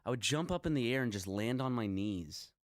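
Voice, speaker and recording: A man's voice: mid-range voice, animated, a little fast, dry recording, clean studio sound. A man in a rambling, joking casual chat while gaming. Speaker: co-host.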